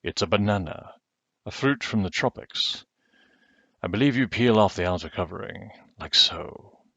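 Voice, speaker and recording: Casting: a man reading a deep-voiced, formal graveyard guardian, calm and measured, muffled dry webcam sound. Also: vocal fry, slightly rough, dry recording, full character voice.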